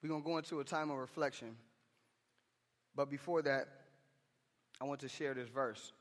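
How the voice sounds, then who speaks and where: A man's voice: medium pitch, moderate pace, in a large hall. A man preaching a sermon to men in a church, impassioned and conversational, with slangy asides. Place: church hall.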